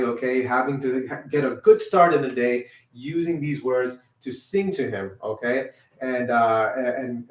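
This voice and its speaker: A man teaches a children's music class, talking students through stretches and breathing and checking in with "okay?" again and again. His voice sits at an ordinary middle pitch. The sound is roomy and heard from some distance off the mic. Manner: encouraging, repeats "okay?" often.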